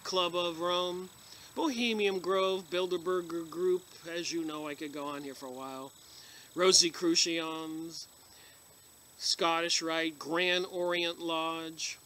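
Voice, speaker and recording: A man's voice: on the high side, fairly even intonation, takes it slowly, pushed and bright. A man, a video blogger, reading passages aloud and commenting on them in an emphatic, emotional way. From United States. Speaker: video blogger reviewing books.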